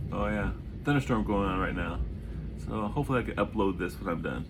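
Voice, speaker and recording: A man reading a chapter of his own novel aloud at home, adding relaxed asides and often repeating or correcting words. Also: fairly low pitch, fairly quick, very noisy. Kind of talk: audiobook reading with casual asides. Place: home during a thunderstorm.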